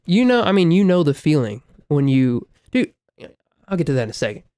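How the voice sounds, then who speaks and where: A man co-hosting a podcast, telling stories in a casual, profane and animated way, with loud exclaimed quotes. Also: on the high side, brisk, clear, resonant tone, no echo, studio quality. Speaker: podcast co-host. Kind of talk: casual chat, storytelling.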